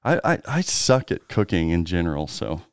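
A man co-hosts a podcast in easy back-and-forth chat. His voice sits low, and he ribs his partner with quick jokes. The recording is close and dry. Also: sing-song, clear, resonant tone, no room sound. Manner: teasing, jokey banter. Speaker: podcast co-host. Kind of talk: casual chat.

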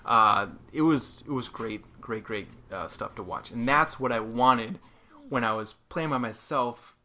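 A man casually telling a gaming story, animated, laughing often as he tells it. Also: medium pitch, a little slow.

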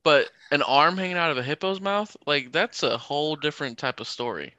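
A man co-hosting a podcast, chatting casually with animated, playful banter. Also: fairly high pitch, a little fast, dry recording, dull audio. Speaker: podcast co-host. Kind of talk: casual chat.

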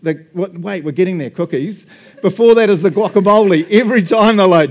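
A man, a pastor, gives a relaxed, chatty sermon. His voice sits a little on the high side. He jokes constantly and laughs between points. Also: a little fast. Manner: chatty and jokey, tag questions like "right?" and "eh?"; laughs often, acts out little quoted exchanges. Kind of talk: casual sermon.

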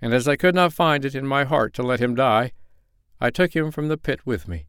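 A man's voice: medium pitch, lively intonation, fairly quick, fairly bright tone, clear, resonant tone, no room sound, studio quality, voice pushed up, lightly acted. A man reading the part of a humble, brave peasant father mourning his lost child. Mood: earnest.

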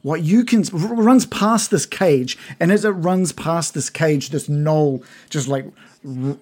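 A man's voice: fairly high pitch, takes it slowly, a little mellow. A man running a tabletop game, narrating scenes loosely with many fillers. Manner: rambling descriptive narration with fillers. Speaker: game master.

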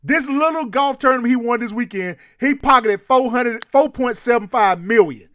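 High-voiced animated man co-hosting sports talk. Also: moderate pace. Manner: animated, emphatic, slangy. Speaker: radio show co-host.

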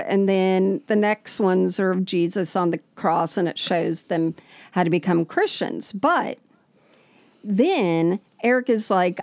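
A woman's voice: mid-range voice, animated, slow, darkish tone, no room sound. A woman co-hosting a casual chat, retelling a story with amused laughter.

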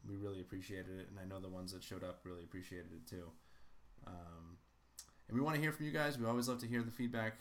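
A man's voice: deep voice, quick pace, a little hiss or hum. A man hosting a podcast, chatting casually with fillers and frequent laughter. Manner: laughing often, rambling with fillers. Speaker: podcast host.

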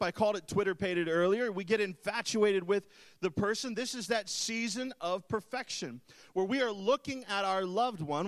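A man preaching a sermon to a live congregation, teasing the audience with jokes between his points. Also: sits high. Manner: playful, joking asides to the audience. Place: church hall with an audience.

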